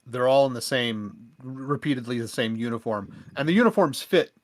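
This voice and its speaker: A man's voice: mid-range voice, lively intonation, a little fast. A man playing a tabletop game who asks careful, probing questions. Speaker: player. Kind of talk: tabletop role-play.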